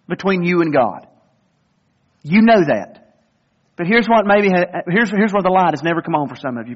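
A man with a high voice preaches a sermon in an earnest, conversational manner, often stumbling and restarting his phrases as he speaks to his congregation. The recording is somewhat dull and lo-fi. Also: animated, a little fast. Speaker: pastor.

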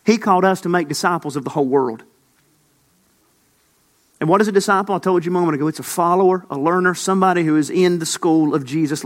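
A man preaching a sermon as a pastor, emphatic, lifting his voice for quoted lines. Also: fairly high pitch.

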